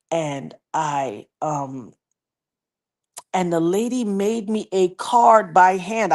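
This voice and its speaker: A woman livestreaming, casually telling a personal story and reading viewer comments in an animated, folksy way. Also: fairly low pitch. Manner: animated, folksy, slips into quoted voices.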